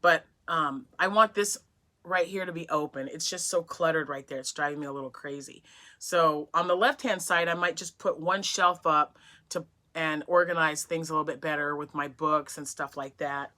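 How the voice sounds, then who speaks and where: Casual home vlogger, woman, low-ish but bright tone, gushing and excitable with soft whispered asides, phone on tripod at a desk. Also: normal speed. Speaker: crochet vlogger. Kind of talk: casual chat, unboxing happy mail. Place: home craft room at her desk. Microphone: phone on a mini tripod.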